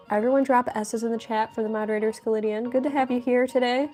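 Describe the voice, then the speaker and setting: A woman's voice: a little high, steady tone, quick pace, few pauses, a little mellow, soft background music. A young woman chatting playfully with viewers as she draws on a live stream, answering questions and teasing her chat. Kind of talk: casual live-stream chat while drawing.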